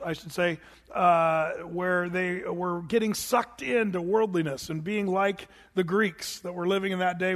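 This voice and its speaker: High-pitched guy preaching casual, folksy, lots of restarts, long echo like a big hall. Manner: folksy, restarts, acts out story voices. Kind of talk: casual sermon with Bible reading.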